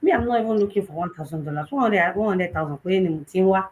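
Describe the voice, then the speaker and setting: A young woman with a Nigerian Yoruba-tinged accent, giving an animated personal testimony at a conference and mixing in Yoruba phrases. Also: lowish voice, very fast, phone-quality sound, a little hiss or hum. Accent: Nigerian, Yoruba-influenced English. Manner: animated storytelling, switching between English and Yoruba. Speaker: conference speaker.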